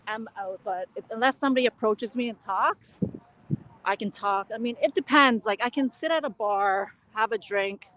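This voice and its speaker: A woman's voice: medium pitch, bright, forceful tone. A woman born in Laos whose first language is Lao, chatting casually as she live-streams on a phone while walking outdoors and answering her viewers. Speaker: live-streaming travel vlogger. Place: outdoors on city streets.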